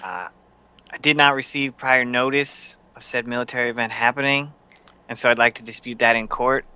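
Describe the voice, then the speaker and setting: Give me a man playing a measured, formally polite character with a bright, smooth voice. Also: mid-range voice. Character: calm adult male character disputing a fine.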